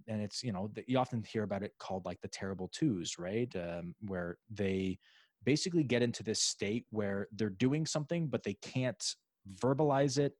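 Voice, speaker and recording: Low-voiced man talking in a rambling way. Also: a little mellow, dry recording. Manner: rambling, with many restarts and fillers; acts out other people's inner voices in a raised pitch. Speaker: podcast host. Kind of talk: casual conversation.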